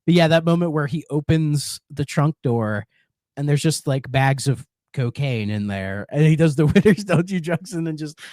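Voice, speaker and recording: This male podcast co-host talks casually and meanderingly, full of restarts and fillers. His voice is a little high and darkish in tone, with lively intonation and a moderate pace, recorded at studio quality with no room sound.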